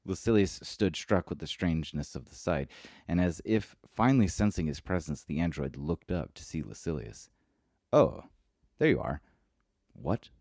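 A man narrating a story in a measured, unhurried way. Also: low voice, darkish tone, no echo, studio quality.

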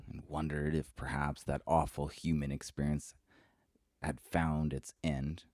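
A man narrating a story in a measured, unhurried way. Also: very deep voice, dark tone, dry recording, clean studio sound.

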